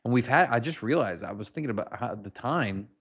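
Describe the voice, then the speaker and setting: A man chatting casually on a livestream in a loose, joking, rambling way. He talks from home and later from his garage, carrying his phone as he goes. His voice sits at an everyday pitch. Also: animated, a little fast, fairly bright tone, breathy edge. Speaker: whiskey livestream host. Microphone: handheld phone.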